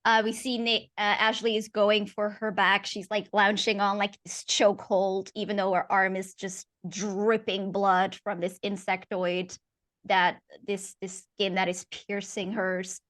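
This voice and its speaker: A woman's voice: medium pitch, little pitch movement, unhurried, fairly bright tone. A woman playing a tabletop game who describes her character's actions in a thoughtful, hesitant way. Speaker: player.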